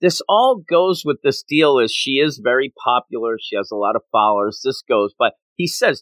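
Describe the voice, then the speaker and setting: A man in casual chat, recapping a story in a rambling, animated way and slipping into quoted voices. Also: mid-range voice, normal speed, few pauses, no echo.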